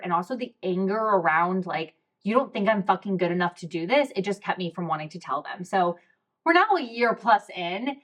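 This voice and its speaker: A young adult woman, a podcast host, telling a candid personal story in a frank, expressive way, swearing freely and throwing in quick asides. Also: fairly low pitch.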